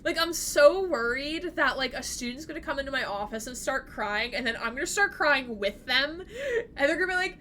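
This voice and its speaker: A woman's voice: sits high, lively intonation, brisk, bright, forceful tone, slight background noise. A woman live-streaming a game and chatting casually with her viewers. She rambles, fills her sentences with "like" and laughs easily. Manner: chatty and rambling, heavy use of "like".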